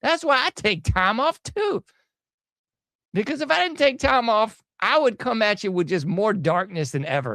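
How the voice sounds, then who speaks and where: A man's voice: sits high, animated, moderate pace, sharp tone, no echo. A man hosting a podcast, riffing sarcastically on news clips and laughing often. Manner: sarcastic, laughing, drawling slang. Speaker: show host. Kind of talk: casual podcast commentary.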